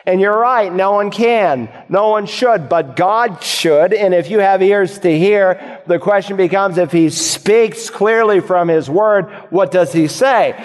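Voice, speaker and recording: A man's voice: high voice, a little slow, hardly any pauses. Emphatic male preacher in a reverberant hall. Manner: earnest, emphatic Bible exposition with rhetorical questions. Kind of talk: sermon.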